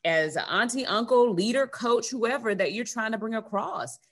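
A woman's voice: a little high, moderate pace, fairly bright tone. A woman hosting a podcast as a coach, speaking earnestly and affirmingly, stacking points into lists. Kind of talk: casual interview chat.

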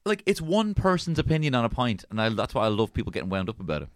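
A man's voice: mid-range voice, very animated, fast talker, no room sound, studio quality. A man with a Dublin Irish accent, co-hosting a podcast with wry, teasing quips. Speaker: podcast co-host. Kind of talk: casual chat.

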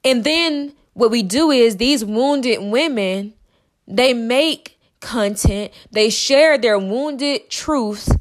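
A young woman hosting a podcast, talking fast and emphatically in a monologue, repeating herself and stumbling over words. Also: a little high. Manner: emphatic and repetitive, fast with stutters. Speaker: podcast host.

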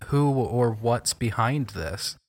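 A man's voice: mid-range voice, lively intonation, slow pace, no echo, studio quality. A man chatting casually as a player in a tabletop role-playing game, joking and wry.

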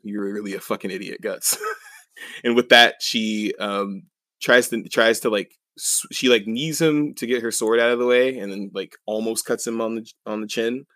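A man's voice: medium pitch, unhurried, fairly bright tone, no echo. A young man co-hosting a podcast, casually recapping a story in a rambling way with many fillers and chuckles. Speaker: podcast co-host.

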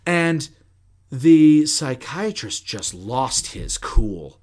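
A man's voice: mid-range voice, big pitch swings, drawn-out words, darkish tone. A man in a casual podcast conversation, earnestly telling a personal story and acting out the people in it. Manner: earnest storyteller who acts out the people he quotes. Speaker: podcast guest.

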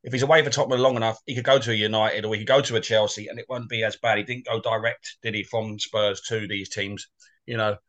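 A forty-something man co-hosts a casual football podcast. His voice is bright and forward. He tells loose, rambling stories and laughs easily. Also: lowish voice, steady tone, fast. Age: 40s. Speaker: co-host.

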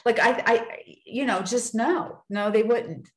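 A woman's voice: fairly high pitch, measured pace. A woman guest in casual conversation, telling personal stories earnestly and acting out the people she quotes. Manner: earnest storyteller, acts out quoted voices. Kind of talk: casual faith-tinged chat. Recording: roomy echo.

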